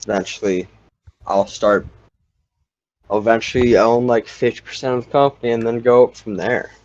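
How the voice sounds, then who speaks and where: A man's voice: medium pitch, fairly even intonation, normal speed, a little mellow. A young man in casual chat, rambling and saying "like" constantly. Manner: rambling, heavy use of "like". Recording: dull lo-fi sound.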